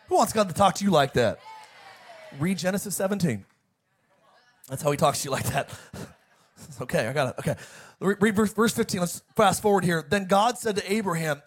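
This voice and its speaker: A man's voice: fairly high pitch, lively intonation, brisk, breathy edge. A man preaching a sermon as pastor, joking with the congregation and reading scripture with emphasis.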